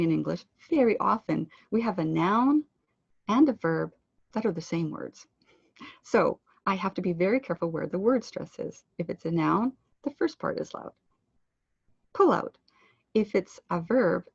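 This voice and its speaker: Gravelly Canadian woman teaching pronunciation. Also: fairly low pitch, a little mellow, no room sound, dull audio. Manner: clear instructive delivery, drawing out words for drill. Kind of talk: web conference lesson.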